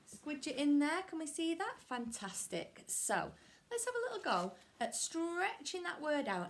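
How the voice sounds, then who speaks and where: A woman teaching children a phonics lesson, talking slowly in a sing-song, encouraging teacher voice. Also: mid-range voice, vocal fry. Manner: slow, sing-song teacher voice with lots of praise. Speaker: primary school teacher.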